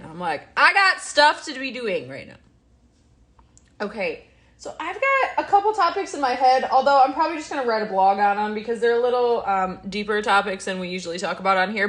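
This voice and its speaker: A woman's voice: mid-range voice, big pitch swings, quick pace, a bit bright. A woman, sounding a little stuffy, chatting casually on a livestream and answering viewers as she goes. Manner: chatty, rambling, reads viewer comments aloud. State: stuffy-nosed, yawning. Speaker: livestream host.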